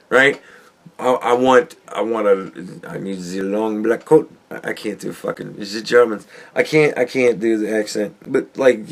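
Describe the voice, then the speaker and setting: A man holds forth on his own podcast in a loose, swearing, meandering rant. He talks at an unhurried, drawn-out pace, his voice sitting at an ordinary middle pitch, and keeps breaking into short chuckles. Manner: rambling, swearing, chuckling often. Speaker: podcast host. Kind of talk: casual profane rant.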